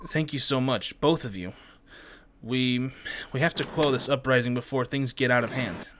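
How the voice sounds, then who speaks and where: A man voicing an earnest, resolute young noblewoman in a fan-dubbed game, halting over a few words. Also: medium pitch, a bit bright, a little hiss or hum, lightly acted.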